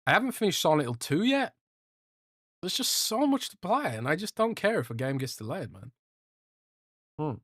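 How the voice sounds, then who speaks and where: Young dude streaming, chatty and rambly, cusses a lot, pitch jumps all over, super dry mic. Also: male voice, big pitch swings, normal speed, long pauses, a bit bright, no echo. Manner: rambling, joking, swears a lot, trails off. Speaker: podcast host reading live chat. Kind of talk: casual livestream chat.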